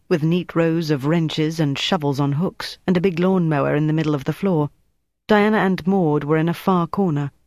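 A man reading a novel aloud as narrator, in a steady, even way. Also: fairly high pitch, dry recording, studio quality. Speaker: audiobook narrator. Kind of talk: scripted narration.

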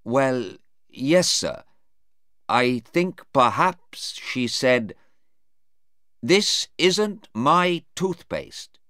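A man's voice: mid-range voice, very animated, extremely slow, bright, forceful tone, no room sound, clean studio sound, voice pushed up, exaggerated voice. A man reading aloud voices a hesitant male airport policeman answering in court. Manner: hesitant, deferential. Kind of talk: read-aloud storybook dialogue.

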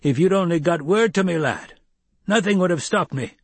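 A man doing a raspy, bellowing veteran warrior. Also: high-pitched, expressive, normal speed, no room sound, pitched above the performer's own voice, heavily acted. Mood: hearty. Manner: loud, bellowing. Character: gruff middle-aged male veteran warrior.

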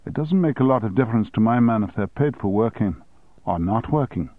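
A man's voice: lowish voice, expressive, brisk, warm tone, no echo. A man reading an audiobook and voicing a smug male union boss who speaks with sly, feigned innocence.

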